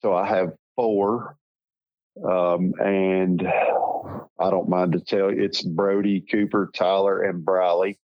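A middle-aged man with a Southern accent recounts his family's story, taking his time and often trailing off. His voice sits fairly low and unhurried. The recording is dry and a little dull, with the top end muffled. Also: little pitch movement, dry recording. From Tennessee. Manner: slow, halting, reflective. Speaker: interview guest. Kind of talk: personal storytelling.

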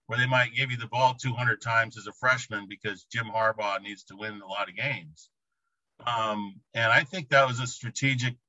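Bright-voiced man, halting and thoughtful. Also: mid-range voice, dry recording, dull audio. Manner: hesitant, searching for words. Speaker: interviewee recalling an athlete. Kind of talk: reflective interview answer.

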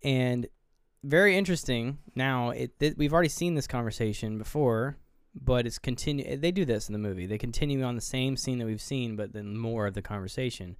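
A man's voice: mid-range voice, smooth, dry recording. Rambling man reviewing a movie, dry sound. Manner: rambling, retells scenes in quick voices. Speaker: podcast co-host. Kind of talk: casual movie review chat.

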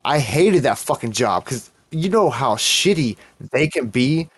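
A man co-hosting a podcast, ranting bluntly and profanely about fast food jobs. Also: mid-range voice, expressive, husky, no echo. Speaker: podcast co-host. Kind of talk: casual chat.

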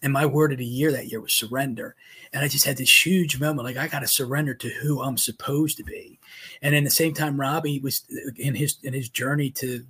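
A middle-aged man, a father and co-host, telling a personal story in a casual, earnest, animated way, acting out quotes. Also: mid-range voice, a little fast, breathy edge.

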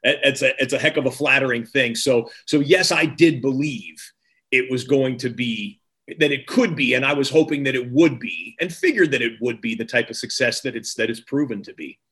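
Male sports TV host, energetic storyteller, casual interview. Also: mid-range voice, normal speed. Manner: energetic storyteller, quotes others in lively voices.

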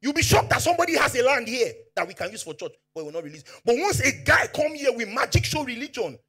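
A man with a Nigerian accent preaching a sermon as pastor, fervent, swinging from hushed to shouting, and dropping Pidgin asides. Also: very high voice, sing-song, fast, husky, soft background music.

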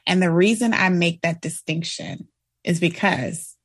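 A woman co-hosting a beauty podcast, chatting casually with a slightly husky, breathy tone. She laughs often and cuts in to correct her partner. The sound is close and dry, with no room echo. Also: fairly low pitch, a little slow. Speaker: podcast co-host. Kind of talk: casual chat.

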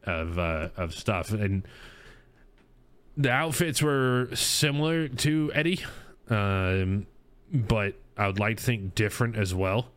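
A man's voice: medium pitch, slow pace, long pauses, no echo. A man in his thirties hosting a casual recap chat about his stream, rambling with lots of fillers and restarts. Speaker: streamer and podcast host.

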